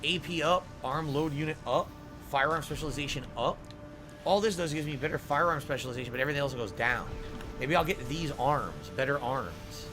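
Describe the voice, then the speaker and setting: A man's voice: a little high, lively intonation, fairly quick. A man live-streaming a game, thinking aloud over gear choices and thanking viewers for tips. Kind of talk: live gameplay stream chat. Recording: game music behind.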